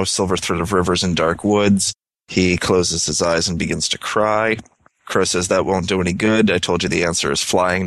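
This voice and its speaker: A man co-hosting a casual book podcast. He reads passages aloud, then slips into loose, quick summaries. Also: low voice, a bit bright, dry recording. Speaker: podcast co-host.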